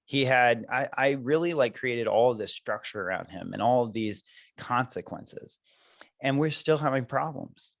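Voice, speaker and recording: A man's voice: mid-range voice, measured pace, creaky, no echo. A man who coaches parents, talking earnestly and reflectively in a podcast conversation, with many fillers.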